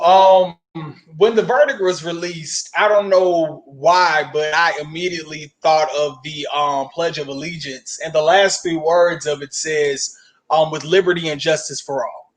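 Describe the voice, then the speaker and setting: A man co-hosting a talk show, speaking in a measured, reflective way that turns quick and pointed as he makes his case. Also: sits high. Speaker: podcast co-host. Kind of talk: panel commentary.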